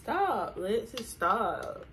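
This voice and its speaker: A woman's voice: medium pitch, big pitch swings, drawn-out words, a bit bright, a little hiss or hum. A woman vlogger chatting playfully with viewers while getting ready, full of slangy asides. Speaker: beauty vlogger. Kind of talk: casual get-ready-with-me chat. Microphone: camera mic while doing makeup.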